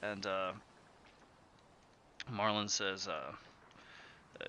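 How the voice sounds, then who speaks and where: A man narrating a tabletop game as game master, relaxed and full of fillers. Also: lowish voice, measured pace, slight background noise.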